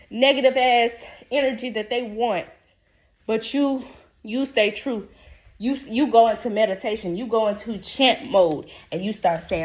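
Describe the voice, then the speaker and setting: A brash woman who talks in a loud, sassy, profane stream. Her voice sits a little high, and she hammers each point home with emphatic repeats. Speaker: podcast host. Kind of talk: unscripted motivational monologue.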